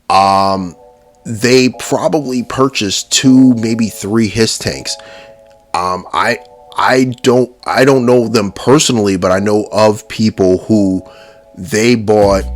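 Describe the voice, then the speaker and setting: Slow, low-voiced man ranting casually. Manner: profane, mocking, with lots of fillers and restarts. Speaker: toy collecting vlogger. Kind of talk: casual rant to camera.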